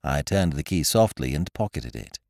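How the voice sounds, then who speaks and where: A man narrating a story in an expressive, animated reading on a close microphone. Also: very deep voice, moderate pace, dry recording. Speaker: podcast narrator.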